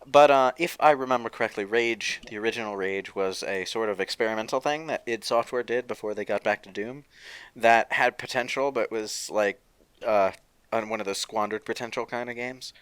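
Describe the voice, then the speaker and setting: A man with a fairly low, smooth, clear voice talks through ideas with plenty of hedges. The sound is close and dry, with no room around it. He is co-hosting a casual gaming chat. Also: moderate pace, fairly bright tone, dry recording. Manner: thoughtful, hedging, talks things through. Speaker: podcast co-host.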